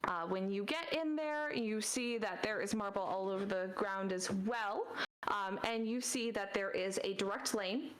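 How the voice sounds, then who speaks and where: A woman narrating as dungeon master in a tabletop game, describing scenes casually with many pauses and fillers. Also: medium pitch, poor audio.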